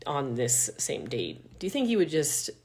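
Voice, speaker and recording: Woman, podcast co-host, lowish voice, lively friendly banter. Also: slight background noise. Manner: chatty, giggly, quick asides. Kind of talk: casual chat.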